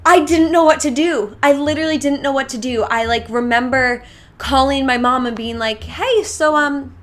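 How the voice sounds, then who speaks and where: A woman's voice: high-pitched, steady tone, normal speed. A young woman telling a casual storytime to her channel from her bedroom, chatty and full of "like". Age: young adult. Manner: chatty, filler-heavy, lots of "like". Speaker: YouTuber.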